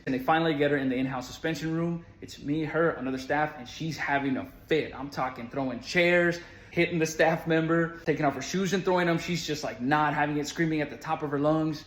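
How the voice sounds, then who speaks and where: A man's voice: a little high, fairly quick. A man who works as school support staff, telling a personal story in an earnest, conversational way with casual fillers. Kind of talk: storytelling monologue. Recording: roomy echo.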